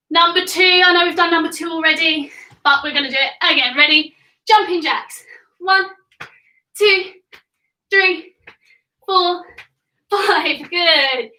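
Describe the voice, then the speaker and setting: An upbeat young coach runs a children's home workout, cheering the kids on as she counts each rep. Her voice is high and bright, and she gets a little out of breath. She sounds a bit off-mic in an echoey room. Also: recorded from a distance. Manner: upbeat, encouraging, counting reps aloud. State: getting out of breath.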